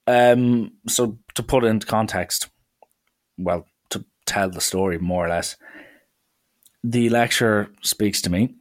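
A young man, casually telling a story from his college days in a lively, chatty way full of filler words. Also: fairly low pitch.

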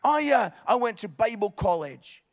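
A man preaching a sermon, telling jokey, animated stories. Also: high-pitched, normal speed.

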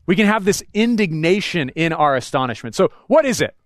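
A man's voice: a little high, very animated, fairly quick, no room sound, studio quality. A male pastor preaching a conversational sermon. He is casual, slangy and emphatic, and often checks in with the congregation with "right?".

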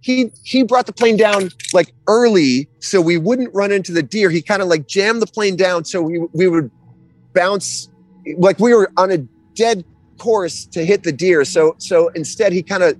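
A man with a slightly higher voice tells a wild story in a casual chat. He swears constantly and keeps restarting his sentences, pitching his voice way up for the tense moments. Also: normal speed, faint music behind. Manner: profane, animated storytelling with many restarts.

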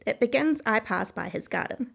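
A woman's voice: fairly high pitch, expressive, normal speed, vocal fry, full character voice. A woman voicing the Griffin, an impatient male creature who gives orders, in a storybook reading. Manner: impatient, commanding.

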